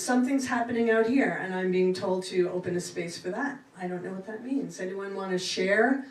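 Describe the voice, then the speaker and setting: Woman, spiritual speaker, lively preacher cadence, distant mic, reverberant church. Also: medium pitch, normal speed, hardly any pauses, noisy background. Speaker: inspirational speaker. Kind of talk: spiritual talk. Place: church sanctuary. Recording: roomy hall from far off.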